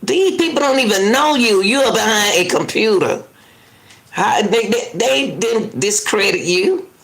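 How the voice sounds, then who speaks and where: This is a woman doing live reaction commentary, indignant and talkative. Her voice is gravelly and very lively in pitch, and her delivery is unhurried and drawn out. She keeps arguing back at the clip and turns to address her viewers. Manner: indignant, argues back at the clip, repeats herself.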